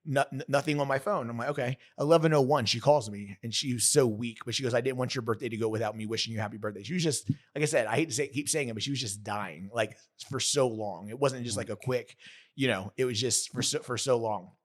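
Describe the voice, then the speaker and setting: A man in his thirties, sharing a painful personal story on a podcast in an earnest, halting way, often stopping to restart or correct himself. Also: medium pitch. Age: 30s.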